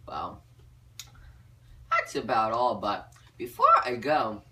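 A young man giving joking advice in a rambling, deadpan comedy vlog, a little away from the mic. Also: fairly low pitch, far from the mic. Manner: deadpan, rambling, drawn-out delivery. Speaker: vlogger giving joke advice.

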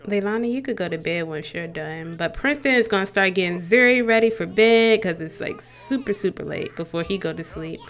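A woman's voice: mid-range voice, expressive, brisk, few pauses, faint music behind. A young woman gives casual gameplay commentary as a let's play host, chatting to her characters and to viewers.

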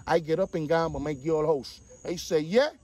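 High-voiced man telling a street story. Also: moderate pace. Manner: animated, acts out quotes, repeats 'dog'. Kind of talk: casual storytelling.

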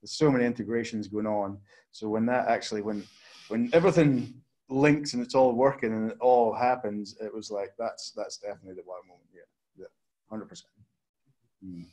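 A man's voice: fairly low pitch, steady tone, a little fast, warm tone. A man, a startup co-founder, talking enthusiastically in a casual webinar and repeating words as he thinks aloud.

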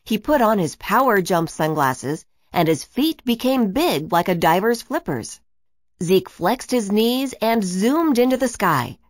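A woman narrating a children's storybook in an expressive, animated reading. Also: mid-range voice, a little slow, dry recording, studio quality.

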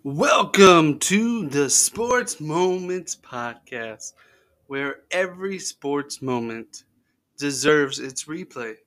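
A man's voice: a little high, slow. A man hosting a sports history podcast, telling stories in a joking, goofy way. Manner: joking, goofy, lively storytelling. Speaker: podcast host. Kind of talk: casual podcast narration.

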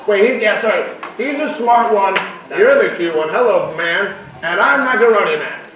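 A man's voice: sits high, expressive, normal speed. A young man hamming it up as a performer in a stage comedy skit, exclaiming his lines and laughing at his own jokes. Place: school auditorium stage. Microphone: far from the mic. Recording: echoey hall from far off, crowd noise.

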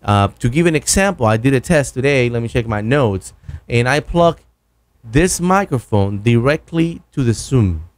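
A man's voice: medium pitch, expressive, moderate pace, no room sound. Man, casual mic review, rambling, self-correcting, enthusiastic, close broadcast mic, home studio. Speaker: podcaster reviewing microphones. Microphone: broadcast dynamic mic, close.

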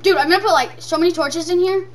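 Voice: extremely high pitch, fast. A gameplay commentator talking in a silly, sing-song way and repeating lines over and over. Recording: distant from the mic, faint noise.

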